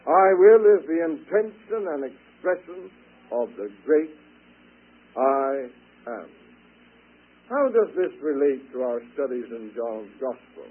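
A high-voiced man preaches slowly and deliberately, his voice husky. He reads scripture and drives his points home with emphatic declarations. The sound is thin and narrow, like an old radio broadcast heard over a phone line. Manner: emphatic, rising to forceful declarations. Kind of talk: radio sermon.

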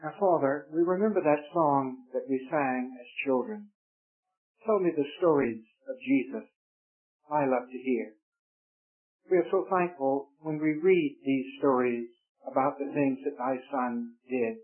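A man's voice: mid-range voice, unhurried. A man preaching a sermon, reading scripture emphatically in old-style English and leading a prayer. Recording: tinny, phone-like lo-fi recording.

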